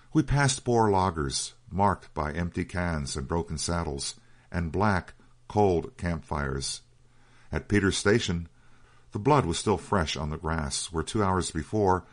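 Deep-voiced male narrator for a measured audiobook read.

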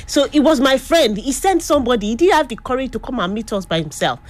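A woman's voice: a little high, fast talker. A young woman with a Nigerian accent, co-hosting a casual chat and telling stories with lots of laughter. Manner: animated storyteller, laughs often. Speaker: co-host.

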